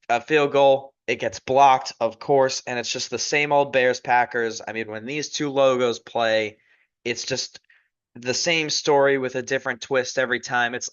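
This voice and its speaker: A man hosts a casual sports recap podcast in a mid-range, fairly bright voice. He rambles, corrects himself, and offers plenty of opinions, all on a dull lo-fi recording.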